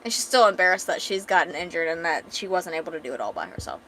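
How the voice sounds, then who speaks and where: A woman streamer casually retelling a comic story as she draws, chatty and animated. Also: lowish voice, quick pace, slight background noise, poor audio. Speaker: art streamer. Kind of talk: casual storytelling while drawing.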